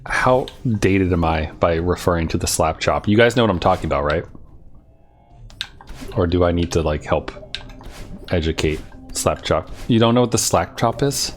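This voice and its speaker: A very deep-voiced man rambles casually to his stream viewers, trailing off into loose asides and making fun of himself. Faint music plays quietly under his voice. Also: normal speed. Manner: rambling, self-deprecating, laughing at his own jokes.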